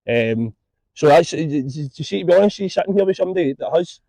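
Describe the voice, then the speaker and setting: A man's voice: a little high, animated, fast talker, dark tone, no echo. A Scottish man hosting a podcast in casual, sweary chat, often tagging his lines with "mate" outdoors by a river. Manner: sweary, repeats "mate, you know what I mean". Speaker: podcast host. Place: outdoors by a river while fishing.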